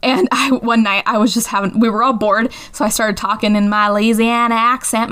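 A young adult woman co-hosting a podcast in casual chat, an animated storyteller who giggles often and swears freely. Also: fairly high pitch, fairly quick, few pauses. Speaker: podcast co-host.

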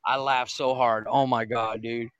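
A man's voice: mid-range voice, little pitch movement, a little slow, fairly bright tone, smooth, dry recording, dull audio. A man co-hosting a podcast, telling profane stories in casual chat and laughing often. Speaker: podcast co-host. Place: home recording room.

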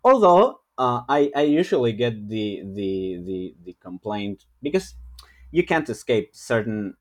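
A man's voice: fairly low pitch, sing-song, measured pace. A man talking as a guest on a podcast, hesitant, with many restarts and frequent laughter. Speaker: guest artist. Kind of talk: casual podcast interview.

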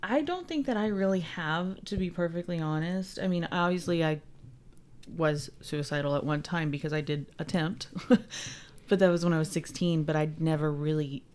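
A woman's voice: low-pitched, normal speed, darkish tone. A middle-aged woman co-hosting a casual podcast, speaking earnestly and with emotion. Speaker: podcast co-host.

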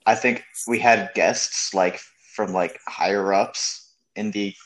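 A man's voice: fairly low pitch, steady tone, slow, poor audio. A young man co-hosting a podcast, telling a rambling story in casual chat and laughing at himself. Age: young adult. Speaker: podcast co-host.

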